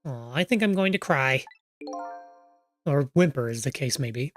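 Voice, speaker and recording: A streamer playing through a story game makes dry, joking asides between reading the lines. The voice moves around a lot in pitch. Quiet game music runs in the background. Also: lively intonation, normal speed. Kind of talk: casual game commentary.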